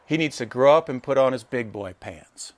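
A man preaching a sermon, animated, acting out the characters in quoted voices as he tells the story. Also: medium pitch, moderate pace, no room sound. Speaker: pastor.

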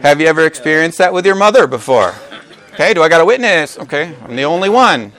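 A man preaching a sermon to his congregation. He is animated and joking, and acts out quotes with big jumps in pitch. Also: fast talker. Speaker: pastor. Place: church gathering with a live congregation.

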